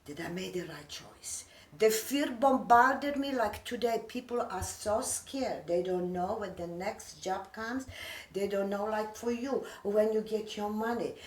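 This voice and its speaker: A woman's voice: medium pitch, a little slow. Earnest older immigrant woman, echoey. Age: 60s. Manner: earnest, broken English, heartfelt. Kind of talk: emotional personal talk. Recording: echoey room, mic far off.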